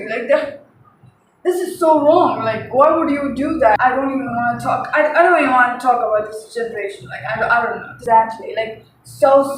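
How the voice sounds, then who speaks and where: A woman's voice: sits high, slight background noise. Young woman telling a story, echoey and distant. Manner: chatty and exasperated, with many fillers and repeats. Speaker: vlogger. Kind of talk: casual storytime chat. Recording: echoey room heard from a distance.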